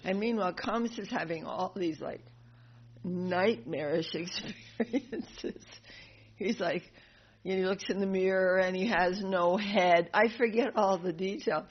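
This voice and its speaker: A woman's voice: medium pitch, a little slow, slightly rough, lo-fi sound. A woman teaching a devotional class, retelling a sacred story animatedly with laughs and acted voices.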